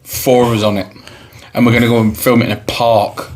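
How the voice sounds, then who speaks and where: A middle-aged man, co-hosting a comedy podcast, answering in plain, halting, deadpan replies. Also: mid-range voice, a little hiss or hum. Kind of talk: casual banter.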